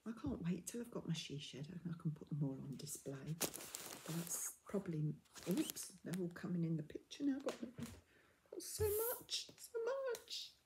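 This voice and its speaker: A middle-aged woman in a casual unboxing vlog, gushing and often dropping into soft half-whispers as she reads out labels. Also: sits low, moderate pace, slight background noise. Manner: reads out yarn labels in a steady list. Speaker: craft vlogger.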